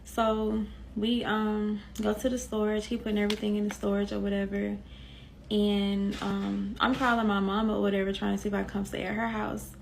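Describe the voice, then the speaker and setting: A woman's voice: mid-range voice, completely flat delivery, fairly quick, creaky, slight background noise. A young woman casually telling a personal story to her viewers, emphatic and repeating herself for effect. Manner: emphatic, repeats herself, addresses listeners as y'all.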